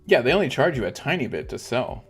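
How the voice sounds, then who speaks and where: A man's voice: medium pitch, sing-song, fast, breathy edge, soft background music. A man hosting a casual livestream, ranting in frustration and swearing heavily. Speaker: crypto livestream host.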